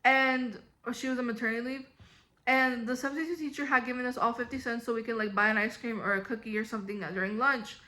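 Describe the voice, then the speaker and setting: Young woman, bright voice, higher pitch, rambling casual storytelling. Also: fairly even intonation, fast. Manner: rambling, full of "like" and restarts. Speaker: vlogger.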